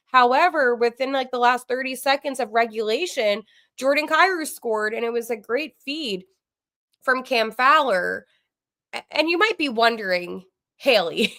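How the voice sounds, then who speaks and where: A woman hosts a live post-game sports show from home, her bright, sharp voice pitched rather high. She talks excitedly and gets flustered, tumbling into quick asides and fillers as she reacts.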